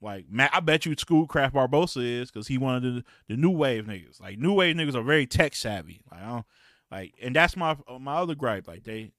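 A man hosting a battle rap podcast, talking in a loose, slangy, profane and rambling way, clearing his throat now and then. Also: mid-range voice, expressive, a little fast, a bit bright, dry recording, studio quality. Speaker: podcast host and battle rap league promoter. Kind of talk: casual podcast talk.

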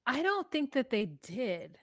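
A woman with a somewhat high voice speaking in an easygoing podcast conversation. Her replies are short and relaxed. The sound is dry, with no room echo around her voice. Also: unhurried. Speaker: podcast co-host. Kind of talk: casual podcast chat.

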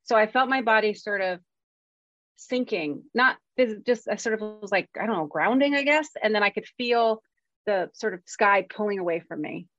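A woman's voice: mid-range voice, lively intonation, moderate pace, fairly bright tone, no echo, soft background music. A woman screenwriter talking candidly in conversation, frank and self-deprecating, swearing freely. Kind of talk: candid personal storytelling in conversation. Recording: dull, dry lo-fi recording.

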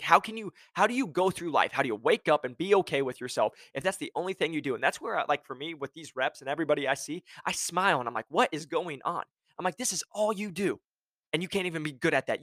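A man giving a blunt motivational talk to sales reps, ranting with conviction. His voice sits at an ordinary middle pitch. The sound is dry and close, with no room around it. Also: fairly bright tone, dry recording. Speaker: sales coach.

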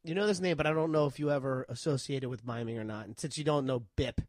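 A man's voice: mid-range voice, fast, a little mellow, dry recording, clean studio sound. A man co-hosting a trivia podcast, posing questions in casual chat with some hesitant restarts. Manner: hesitant, restarts while quizzing. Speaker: podcast co-host, quizmaster.

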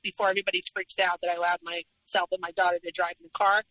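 A woman's voice: lowish voice, flat delivery, quick pace, sharp tone, no echo, rough recording. A young adult woman telling her own story as a podcast guest, earnest and recounting past events in the present tense. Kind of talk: personal story told in conversation.

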